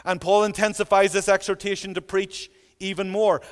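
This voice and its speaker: A man's voice: high voice, level tone, moderate pace, hardly any pauses, long reverb tail. A man preaching a sermon in a church, earnest and emphatic, repeating phrases for weight.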